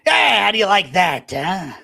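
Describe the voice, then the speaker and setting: A man voicing a small, gleeful villainous captain who booms taunts through a megaphone. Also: big pitch swings, moderate pace, vocal fry, heavily acted. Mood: gloating. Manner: loud taunting booming.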